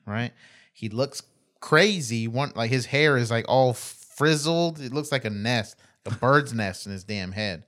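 A man's voice: medium pitch, unhurried, a bit bright. Swearing man telling a bar story. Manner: swears freely, laughs mid-story, rambling with fillers. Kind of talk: casual storytelling chat.

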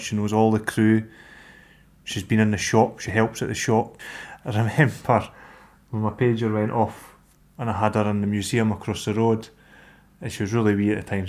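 A middle-aged Scottish man, a lifeboat volunteer, recounting a rescue in a plain-spoken, halting way. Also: fairly low pitch. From Scotland. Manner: plain-spoken, hesitant with fillers, animated when acting out scenes.

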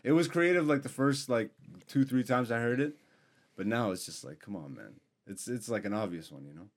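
A man hosts his podcast with an easygoing, ribbing manner, letting his remarks drift off at the ends. His voice sits in an ordinary middle pitch. He talks into a studio mic. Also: a little fast. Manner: teasing, laid-back banter with trailing asides. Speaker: podcast host. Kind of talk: casual podcast chat.

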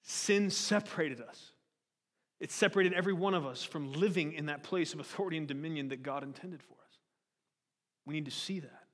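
Guy preaching, high-ish voice, lots of questions to the crowd, big echoey church hall. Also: a little fast. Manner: animated preaching, rhetorical questions to the congregation. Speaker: pastor. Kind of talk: sermon. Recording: long hall reverb.

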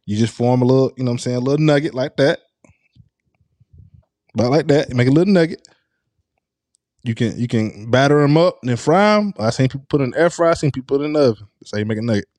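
A man co-hosting a podcast, casually and insistently explaining a recipe step by step in lively banter. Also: medium pitch, fast, pauses often, no echo. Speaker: podcast co-host.

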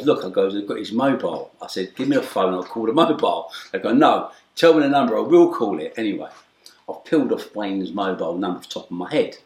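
A middle-aged man telling a story as an interview guest, acting out the voices and swearing casually. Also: on the low side. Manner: acts out quoted voices, swings from loud shouts to hushed asides; streetwise, swearing, repeated "right?". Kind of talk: animated storytelling. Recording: echoey room.

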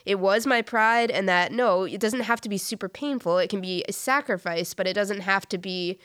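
A woman in casual conversation about faith, talking in halting phrases with many fillers and restarts. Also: mid-range voice, a bit bright, clear, resonant tone, no room sound, studio quality.

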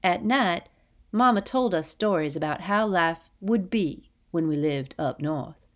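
Woman doing a gentle, wistful young man in an audiobook, soft-spoken, fairly low voice. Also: animated, unhurried. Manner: soft, wistful storytelling with rural dialect.

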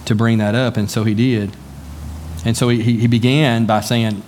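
A man preaching to his church congregation in a relaxed, conversational way, telling everyday stories and acting out the lines of the people in them. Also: mid-range voice, normal speed, slight background noise. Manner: conversational, folksy storytelling with acted-out dialogue. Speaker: pastor. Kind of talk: sermon. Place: church sanctuary.

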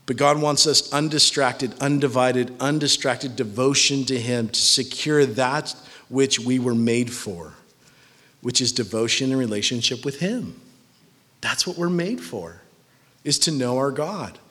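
A man's voice: medium pitch, unhurried, sharp tone. A man in his twenties preaching a sermon in a church hall, conversational and jokey. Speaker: pastor. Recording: long reverb of a large hall.

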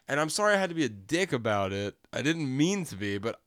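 A man's voice: mid-range voice, fast talker, hardly any pauses, no echo, studio quality. A young man co-hosting a podcast, telling a personal story in casual chat with lots of swearing. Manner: animated storytelling with heavy swearing. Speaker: podcast co-host.

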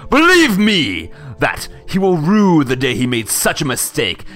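A bellowing, self-important restaurant manager, as a man puts him on, swinging his pitch wildly between high and low. Bright, sharp tone with grand flourishes, over soft music. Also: full character voice. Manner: grandiose, theatrical, booming declarations. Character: pompous shouting male restaurant manager.

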